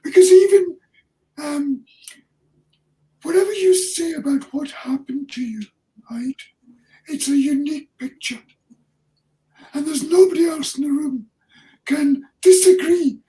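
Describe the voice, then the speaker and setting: A man's voice: very high voice, a little slow, pauses often, warm tone. An older man from Ayrshire with a Scottish accent, giving earnest, plain-spoken interview answers as an honorary professor. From Ayrshire, Scotland. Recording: distant from the mic.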